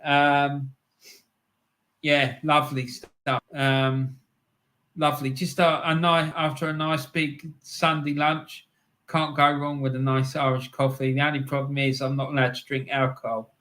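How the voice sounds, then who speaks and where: A man's voice: on the high side, flat delivery, a little slow, sharp tone. A man hosting a live stream, chatting casually with viewers, laughing often and calling people "mate". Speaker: livestream host reading chat.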